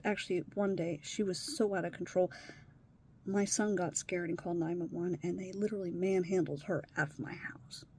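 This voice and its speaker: A woman recording a personal video diary while distressed and tearful, dropping to hushed whispers and then rising into swearing outbursts. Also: mid-range voice, slight background noise. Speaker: vlogger.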